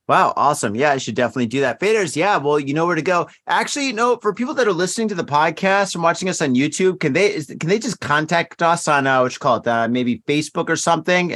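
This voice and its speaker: A man's voice: a little high, no room sound, studio quality. A man co-hosting a podcast in casual late-night chat, rambling with lots of fillers, tired and a little drunk. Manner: rambling, filler-heavy, tipsy and relaxed. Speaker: podcast co-host.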